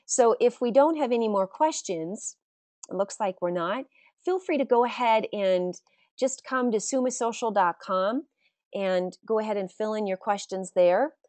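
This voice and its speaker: A woman's voice: medium pitch, normal speed, darkish tone, no room sound. Middle-aged woman coaching a webinar, dry sound. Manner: conversational, explains with anecdotes, frequent "uh" fillers. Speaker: webinar host and social media marketing coach. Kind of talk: live webinar teaching with questions. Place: webinar recording.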